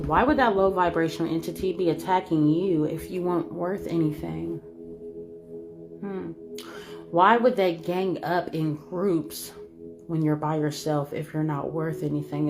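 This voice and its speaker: A woman's voice: low-pitched, fairly even intonation, moderate pace, creaky. Emphatic woman over background music. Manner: emphatic, repetitive, swings loud and soft, laughs often. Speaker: spiritual reader. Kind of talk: spiritual channeling monologue. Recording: music playing behind.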